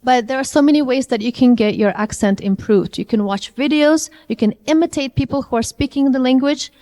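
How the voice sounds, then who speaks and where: A woman's voice: high voice, fairly quick, mellow. A woman giving an interactive language lecture to a live audience, often asking them questions. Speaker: IELTS trainer. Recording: long hall reverb.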